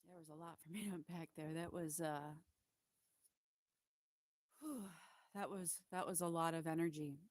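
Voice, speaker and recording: A woman's voice: low-pitched, steady tone, moderate pace, long pauses, no echo. A woman working as a psychic medium, passing on spirit messages in a hesitant, emotional way with many fillers and restarts. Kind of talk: spiritual channeling monologue.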